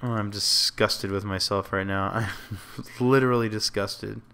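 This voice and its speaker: A man's voice: lowish voice, steady tone, unhurried, bright, forceful tone, clear, resonant tone. Man thinking aloud over an online card game. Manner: self-critical, frustrated muttering and outbursts. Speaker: gameplay commentator. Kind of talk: casual gameplay commentary.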